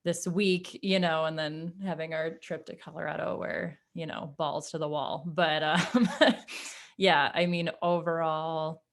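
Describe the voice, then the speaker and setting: A woman's voice: low-pitched, steady tone, unhurried. A woman co-hosting a casual podcast, chatty and giggly, with lots of filler words. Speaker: podcast co-host. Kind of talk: casual chat among friends.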